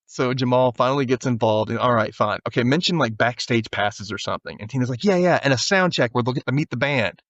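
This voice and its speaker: A man's voice: medium pitch, quick pace, few pauses, fairly bright tone, no room sound, highs cut off. A man co-hosting a podcast, casually recapping an episode and acting out the characters' lines. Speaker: podcast co-host.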